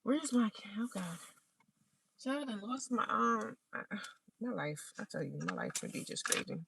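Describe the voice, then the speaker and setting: A woman's voice: fairly high pitch, big pitch swings, moderate pace, creaky, fairly bright tone, distant mic, a little hiss or hum. A woman vlogger from the United States chatting sassily to her viewers from inside her car, calling them honey and girl. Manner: sassy and chatty, calls listeners honey and girl. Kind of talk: casual chat to a live chat.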